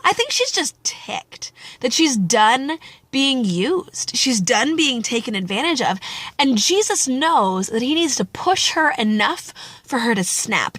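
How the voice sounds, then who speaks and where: Animated chatty woman reflecting on scripture. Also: on the high side, dry recording. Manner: animated, chatty, acts out quotes. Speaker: Catholic speaker. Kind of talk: casual gospel reflection.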